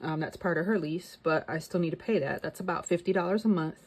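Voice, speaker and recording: A woman's voice: fairly low pitch, quick pace, a little mellow, breathy edge. A middle-aged woman chatting casually as a vlogger, thinking aloud and reading out figures. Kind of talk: casual chat.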